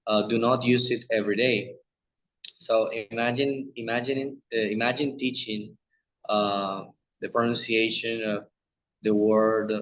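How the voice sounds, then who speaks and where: A man with a Spanish accent, a native Spanish speaker, teaching English pronunciation in a halting lecture with many restarts. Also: on the low side, a bit bright, poor audio.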